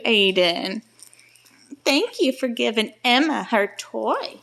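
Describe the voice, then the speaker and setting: A woman coos to her little ones at home in a high, singsong voice that swoops up and down. She speaks very slowly, stretching each gentle question and cheering every answer. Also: lively intonation, gravelly. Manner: sing-song, coaxing, praising questions to small children. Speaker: mother filming her children. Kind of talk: home video baby talk.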